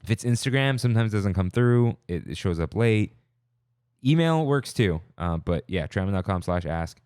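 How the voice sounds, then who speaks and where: A man's voice: on the low side, lively intonation, normal speed, darkish tone, smooth, no echo, clean studio sound. A man hosting a podcast, talking in a rambling, upbeat, casual way and often cutting himself off. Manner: rambling, self-interrupting, upbeat. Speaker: podcast host. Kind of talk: casual chat.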